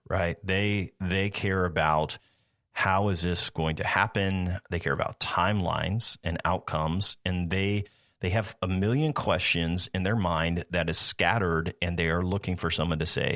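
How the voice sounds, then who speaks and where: Man, very low voice, podcast host, casual teaching, rambling with restarts, dry close-mic sound. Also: fairly bright tone, dry recording. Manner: rambling, frequent restarts and asides.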